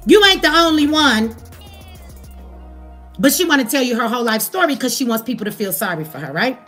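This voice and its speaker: High-voiced woman with an African American English accent, fired-up profane vlog rant, faint music behind. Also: animated, fairly quick, a bit bright. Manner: profane, heated, calls out her audience. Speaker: commentary vlogger. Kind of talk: ranting commentary.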